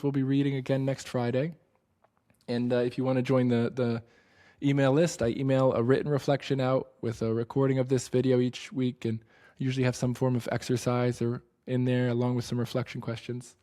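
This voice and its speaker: A man's voice: mid-range voice, darkish tone. Earnest, reflective man hosting a talk. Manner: earnest and reflective, slowing for emphasis; casual fillers and restarts. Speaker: book study host.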